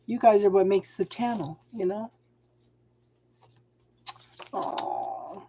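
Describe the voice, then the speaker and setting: A middle-aged woman, hosting a live tarot reading and advising viewers in a warm, encouraging way, calling them hon. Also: mid-range voice, lively intonation, slow, creaky, breathy edge. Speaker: tarot reader and channel host.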